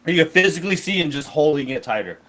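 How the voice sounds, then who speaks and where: A man's voice: on the high side, expressive, quick pace, a bit bright. A man narrating a tabletop game as game master, rambling with many restarts.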